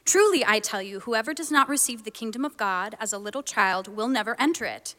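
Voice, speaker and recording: A woman with a fairly high voice reads scripture aloud to a congregation. Her delivery is clear and measured, line by line. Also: animated, fairly bright tone. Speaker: scripture reader.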